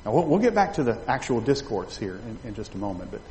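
Very animated and quick, a male pastor with a mid-range, slightly mellow voice preaches an expository sermon in a church sanctuary. He keeps it conversational with restarts and asides to the people in the pews. The echoey hall adds faint ambience along with a little hiss or hum.

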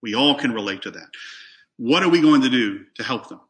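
A man's voice: medium pitch, lively intonation, fairly quick, a bit bright. A man preaching a sermon, reading scripture aloud and putting questions to the congregation, often repeating a word as he restarts.

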